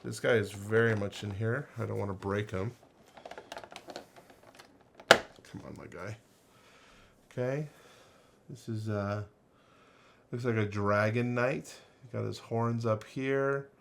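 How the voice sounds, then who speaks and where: Man, unboxing host, casual rambling commentary, lowish voice, faint hiss and clicks behind. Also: steady tone, slow pace, gravelly, long pauses, a bit bright. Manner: rambling, thinking aloud with many fillers and restarts.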